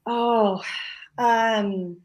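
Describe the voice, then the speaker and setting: A woman's voice: fairly high pitch, fairly even intonation, extremely slow, darkish tone. A woman in her forties from California, a guest in a live interview, answering modestly and a bit hesitantly. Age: 40s. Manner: modest, hesitant, short replies.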